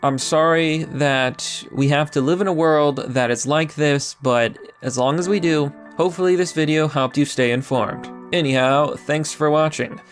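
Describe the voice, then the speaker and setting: A man's voice: fairly high pitch, normal speed, hardly any pauses, soft background music. A man hosting his own channel, giving casual, sarcastic political commentary with jokes and asides. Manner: sarcastic, jokey, animated.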